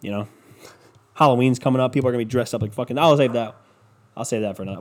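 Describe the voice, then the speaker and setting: A young man riffing alone on his podcast, loose and profane, with sarcastic tangents that wander off and circle back. His voice sits at an ordinary, middle pitch. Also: expressive, very fast. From Cleveland. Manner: scatterbrained, profane, sarcastic ranting. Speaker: podcast host. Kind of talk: rambling solo podcast monologue. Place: home room with windows open.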